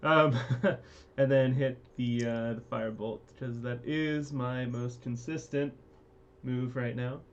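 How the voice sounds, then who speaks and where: A man playing a tabletop game, talking relaxed and hesitant with fillers as he declares his moves. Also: medium pitch, slow pace, muffled recording, slight background noise. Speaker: player. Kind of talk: casual tabletop play.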